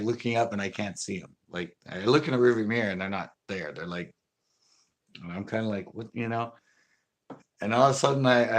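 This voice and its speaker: Bright-voiced man telling a rambling story. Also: medium pitch. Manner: laughing often, animated and rambling. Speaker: channel host. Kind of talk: casual storytelling on a livestream.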